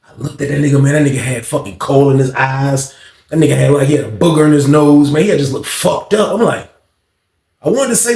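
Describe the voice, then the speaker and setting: A man telling a story in a casual, slangy, animated way, acting out the quotes. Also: mid-range voice, quick pace, gravelly. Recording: echoey room.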